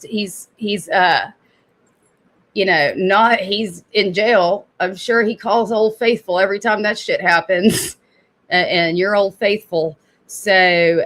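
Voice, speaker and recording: A woman's voice: mid-range voice, fairly bright tone. A woman in her thirties hosting reaction commentary, confrontational and sarcastic, swearing and laughing as she talks. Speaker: drama commentary host. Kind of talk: reaction commentary on a played stream.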